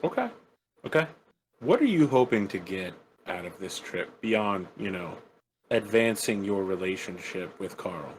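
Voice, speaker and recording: A blunt, businesslike male adventurer questions a new recruit, voiced by a man in a tabletop actual play. The voice sits fairly low, with a faint hum underneath. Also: sing-song, measured pace, poor audio. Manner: straightforward questioning.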